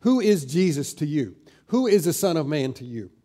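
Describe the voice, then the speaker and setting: A man's voice: very animated, mellow. Man preaching a sermon. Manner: slows down and rises in pitch and volume when stressing scripture. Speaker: pastor.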